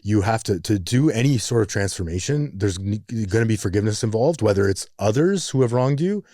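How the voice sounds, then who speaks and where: A man's voice: on the low side, lively intonation, a little fast, dark tone, no echo, studio quality. A man hosting a recovery podcast, musing thoughtfully and checking in with "right?" as he talks. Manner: thoughtful, rambling, peppered with "right?". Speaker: podcast host. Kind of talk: conversational interview.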